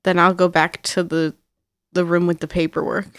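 A woman's voice: on the low side, flat delivery, moderate pace, no room sound, clean studio sound. A woman playing a tabletop game, a bit hesitant, with fillers. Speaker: player. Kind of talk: casual tabletop role-play.

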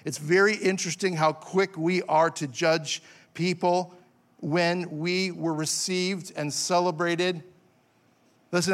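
Male preacher, higher-pitched, fervent sermon delivery, self-deprecating asides. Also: a bit bright. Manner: impassioned, rising to emphatic peaks. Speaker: pastor. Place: church.

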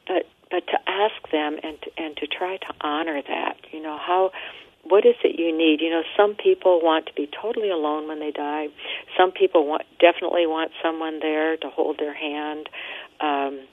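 A woman, a nun and hospice worker, speaking as a guest in an interview about grief and dying, gently and reflectively, often repeating words as she thinks. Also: low-pitched, fairly even intonation, normal speed, dry recording. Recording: tinny phone line.

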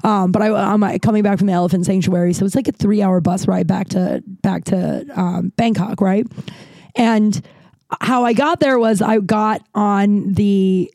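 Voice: mid-range voice, steady tone, normal speed, creaky, a little mellow, no echo. A podcast host telling a travel story in a casual, rambling way, full of restarts and filler words, swearing freely.

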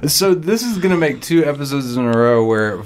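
A man's voice: fairly high pitch, slight background noise. A man co-hosting a podcast, chatting casually in a laid-back, jokey way and telling a rambling story. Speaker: podcast co-host. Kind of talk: casual chat.

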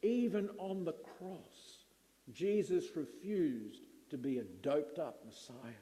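A middle-aged man preaching a sermon, slow and emphatic with dramatic pauses. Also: on the high side, lively intonation, mellow, in a large hall.

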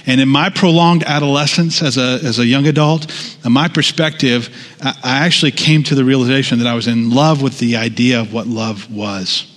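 Speaking at medium pitch and moderate speed, the male pastor has a fairly bright tone. His sermon is conversational, with side remarks and restarts, recorded with long hall reverb.

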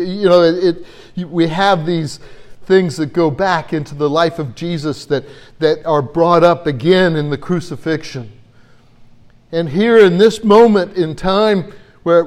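A man preaching a Bible-teaching sermon in an earnest way, often repeating words as he gathers his thoughts. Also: on the high side.

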